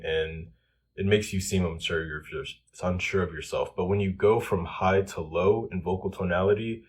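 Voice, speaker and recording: A man's voice: sits low, husky. A young man giving casual self-improvement advice, loose and full of "like" and "um". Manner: loose, filler-heavy, lots of "like" and "um".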